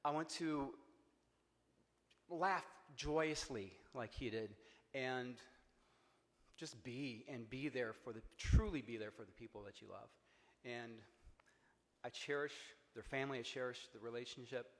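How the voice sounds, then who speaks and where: A man from Cincinnati giving a personal memorial speech, storytelling with humor and jumps in pitch for emphasis. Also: unhurried, long pauses. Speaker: eulogy speaker, friend of the deceased. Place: memorial service hall. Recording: echoey hall with long reverb.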